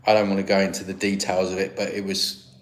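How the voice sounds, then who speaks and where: A man's voice: low voice, flat delivery, fast talker. Chatty English man hosting a livestream. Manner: rambling, chatty, with frequent restarts and laughs. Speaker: livestream host. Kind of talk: casual livestream chat reading viewer comments.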